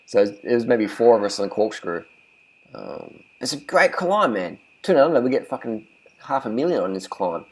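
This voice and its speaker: A man's voice: mid-range voice, sing-song, moderate pace, breathy edge, rough recording. A man talking casually as a cycling vlogger, giving blunt and profane riding tips, and repeating phrases for emphasis.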